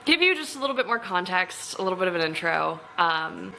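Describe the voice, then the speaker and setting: A woman's voice: on the low side, sing-song, a little fast, creaky, sharp tone, a little hiss or hum. Chatty young woman vlogging at home. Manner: chatty, bubbly, lots of "like". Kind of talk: casual vlog chat. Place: at home, kitchen and bedroom.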